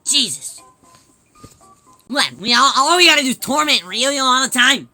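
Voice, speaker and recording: A woman hosting a casual livestream, chatting and answering viewers' questions in a lively way with many restarts. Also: high voice, brisk, soft background music. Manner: animated, reads and answers chat, many restarts. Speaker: livestream host.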